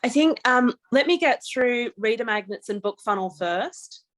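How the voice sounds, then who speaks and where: A woman's voice: on the high side, expressive, normal speed. An Australian woman giving a chatty webinar presentation over a video call, laughing easily. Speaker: guest speaker.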